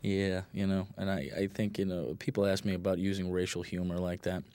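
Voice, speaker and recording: A film director talks casually over his own movie in a relaxed, rambling way. His voice is very low, and he fills it with "you know" and "uh" and blunt opinions. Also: fairly quick, clear, resonant tone, no echo. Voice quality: rambling, lots of fillers, laid-back and blunt. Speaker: film director giving commentary.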